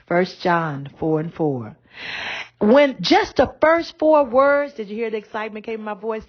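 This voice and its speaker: A woman's voice: lowish voice, highs cut off. A woman bishop giving a podcast sermon in a conversational, down-to-earth way.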